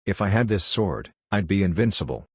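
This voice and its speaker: A man's voice: sits low, lively intonation, brisk, slightly rough, dry recording, studio quality. A man voicing a brash young male immortal swordsman with a boastful, cocky way of talking.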